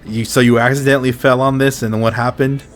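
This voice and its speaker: Podcast host dude, loose and sweary, laughs a lot, music faint in the back. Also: male voice, mid-range voice, little pitch movement, fast talker. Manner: loose, profane, laughing banter. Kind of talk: casual chat.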